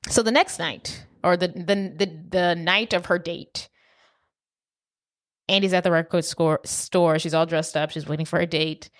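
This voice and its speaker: A young woman with a lowish voice walks through a movie plot in easy, chatty narration. She is recorded close and dry. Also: dry recording. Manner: relaxed storyteller, quick reactions and asides. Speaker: podcast co-host. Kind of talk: casual movie recap chat.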